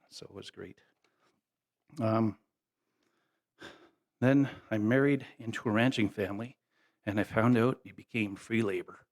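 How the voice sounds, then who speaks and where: A middle-aged man at a memorial, speaking at a medium pitch. He tells folksy, humorous stories in an easygoing, unpolished way, full of small pauses. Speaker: family member giving a eulogy. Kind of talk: anecdotal memorial speech.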